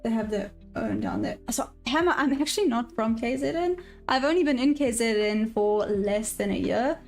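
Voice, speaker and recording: A chatty woman hosts a day-trading livestream, reading viewer comments aloud in a casual, upbeat way. Her voice sits fairly high, and she laughs often. Soft music plays faintly behind her. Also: lively intonation, normal speed, creaky. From South Africa.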